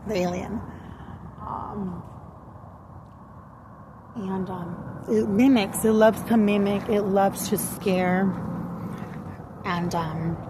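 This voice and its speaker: A woman's voice: medium pitch, background noise. A woman telling a rambling, profane story to her viewers in a casual vlog. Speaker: vlogger.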